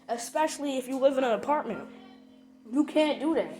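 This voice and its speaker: A high-pitched woman rants at home to her viewers, circling back and repeating herself with plenty of emphasis. Faint music plays softly behind her. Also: fairly quick, low-quality recording. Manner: rambling, repetitive, emphatic. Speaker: channel host. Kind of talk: casual rant to viewers.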